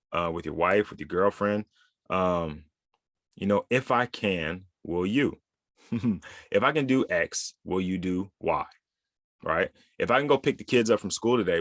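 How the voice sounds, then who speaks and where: A man with a fairly low voice talks through ideas in an easygoing podcast style. He keeps dropping "right?" to pull the listener along. The sound is dry and close. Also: a bit bright, dry recording. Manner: conversational, lots of "right?" tag questions. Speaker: podcast host. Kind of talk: casual podcast talk.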